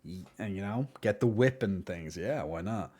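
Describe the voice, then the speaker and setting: A man's voice: sits low, lively intonation, moderate pace, a little mellow. Rambling Irish man chatting on stream. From Ireland. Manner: rambling, lots of fillers, swears casually. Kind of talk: casual chat with viewers.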